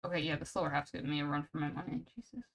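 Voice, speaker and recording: A woman's voice: low voice, steady tone, vocal fry, low-quality recording. A woman streaming casually while drawing commissions, rambling to chat and calling everyone "bro" and "man". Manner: rambling and chatty, says "bro" and "man" constantly; reacts to chat with quick laughs and exaggerated outbursts.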